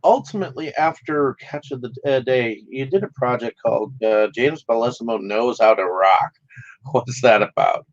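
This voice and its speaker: A man hosting an interview, asking questions haltingly with many fillers and laughing along with his guest. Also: mid-range voice, no room sound. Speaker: interview host. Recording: dull dry audio.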